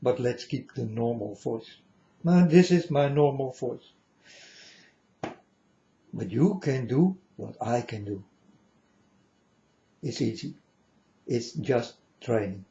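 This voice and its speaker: Man, slow preachy monologue, earnest, repetitive, dark mellow tone, dull lo-fi sound. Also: medium pitch, lively intonation. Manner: earnest, repetitive, addresses listeners as folks. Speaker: vlogger. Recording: dull lo-fi recording.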